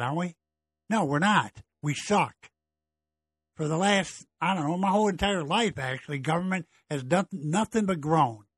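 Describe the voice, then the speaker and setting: Husky, exasperated middle-aged man ranting. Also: a little high, no echo. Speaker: political commentary host. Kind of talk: opinionated political monologue.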